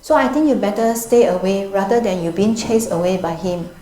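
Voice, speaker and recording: A woman's voice: medium pitch, fairly quick, warm tone, reverberant, a little hiss or hum, natural voice, poor audio. A woman voicing a polite household servant who turns a visitor away apologetically, in a story within her talk. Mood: apologetic.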